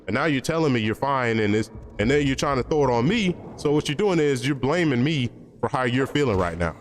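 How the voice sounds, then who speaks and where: A man's voice: medium pitch, expressive, a little fast, a little hiss or hum. Blunt, rambling man streamer in reverb. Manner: blunt, opinionated, rambling with slang and profanity. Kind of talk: casual stream chat.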